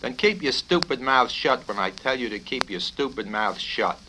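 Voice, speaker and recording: A man's voice: mid-range voice, animated, moderate pace, lightly acted. A man reading aloud, voicing a bullying army colonel who bellows and curses, on a crackly vinyl record. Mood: furious. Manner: bellowing, profane, repetitive.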